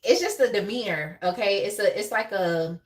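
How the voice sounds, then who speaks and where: A woman's voice: medium pitch, animated, moderate pace. A young woman hosting a casual live tarot reading, chatty and laughing often as she talks to viewers in the chat by name. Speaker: tarot reader on a live stream.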